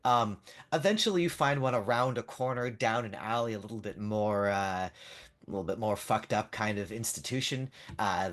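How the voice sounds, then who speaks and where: A man's voice: mid-range voice, a bit bright. A man running a tabletop game as game master, narrating casually with frequent fillers and swearing. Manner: casual, rambling, swears freely.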